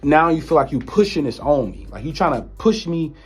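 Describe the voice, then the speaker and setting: Husky-voiced man, casual storyteller, animated and incredulous, soft music under him. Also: fairly high pitch, a little fast. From United States. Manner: animated, incredulous retelling of an encounter. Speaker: vlogger.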